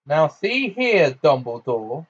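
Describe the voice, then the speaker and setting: Man voicing a flustered middle-aged minister in a storybook reading, raised and loud, gasping bluster, slightly muffled recording. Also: fairly high pitch, sing-song, takes it slowly, breathy edge, exaggerated voice.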